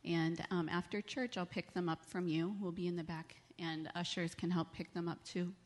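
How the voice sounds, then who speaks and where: Soft-spoken lady doing a kids' sermon in church, lowish voice, lots of hall reverb. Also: flat delivery, moderate pace. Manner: gentle, coaxing, asks children questions. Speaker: children's message leader at church. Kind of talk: children's sermon. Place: church sanctuary.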